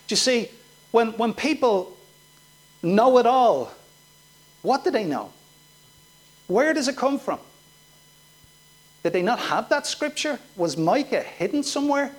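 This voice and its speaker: A man's voice: high voice, very animated, measured pace, pauses often. A man preaching a sermon, asking his listeners direct questions and acting out the voices of the people he describes. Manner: questioning, emphatic, acts out quoted voices.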